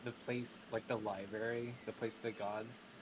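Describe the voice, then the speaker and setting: A man's voice: fairly low pitch, little pitch movement. Player man on a noisy mic. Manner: halting, self-correcting speech. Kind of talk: casual tabletop play.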